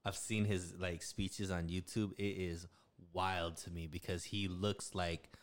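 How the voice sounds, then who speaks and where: A man's voice: low voice, level tone, unhurried. A man co-hosting a podcast, making wry, offhand remarks in casual chat. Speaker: podcast co-host.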